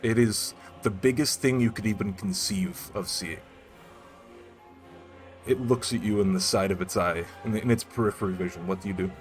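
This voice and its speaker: A man running a tabletop game as game master, narrating scenes in an unhurried, descriptive way. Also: on the low side, steady tone. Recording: faint background music.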